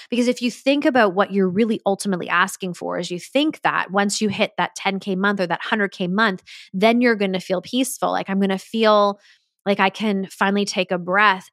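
A woman's voice: mid-range voice, no room sound. Woman doing a solo podcast, earnest and emphatic, dry close sound. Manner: earnest, emphatic, acts out quoted dialogue. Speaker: podcast host and business mentor.

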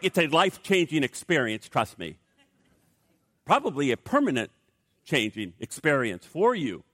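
A man's voice: a little high, very animated, normal speed, long pauses, a bit bright, no room sound, studio quality. A male pastor preaching a sermon, telling stories animatedly with stammering restarts.

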